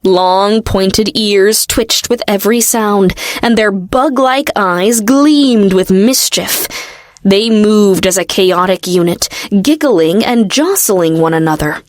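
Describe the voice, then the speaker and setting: A woman reading a fantasy novel aloud with steady, expressive storytelling. Her voice sits at an ordinary middle pitch. The recording is dry and close, with no room sound. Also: takes it slowly, no room sound. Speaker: audiobook narrator. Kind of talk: scripted narration.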